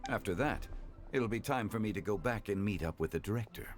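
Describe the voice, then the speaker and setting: A man voicing a calm, wise ancient god in human form, speaking in a measured, formal way in a game. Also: lowish voice, close to an everyday voice. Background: game music.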